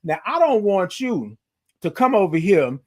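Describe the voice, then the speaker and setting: Male morning-stream host on a phone, high and very lively, reads out viewer comments and stretches out his greetings. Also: unhurried. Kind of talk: upbeat live-stream chat greeting viewers.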